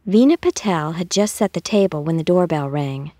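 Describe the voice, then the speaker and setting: A woman reading a children's story aloud in a calm, measured way. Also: on the low side, no echo, studio quality. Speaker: narrator.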